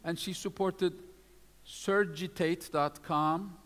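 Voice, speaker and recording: A man's voice: high-pitched, steady tone, slow pace, fairly bright tone. A man presenting awards at a live event, reading out lists of names with many fillers. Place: event hall. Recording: long hall reverb.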